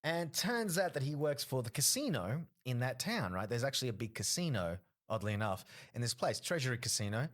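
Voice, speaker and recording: A comedian chatting casually on a podcast, telling stories and acting out what other people said. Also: male voice, mid-range voice, brisk, hardly any pauses. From Australia. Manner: animated storyteller acting out other people's lines. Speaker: comedian guest.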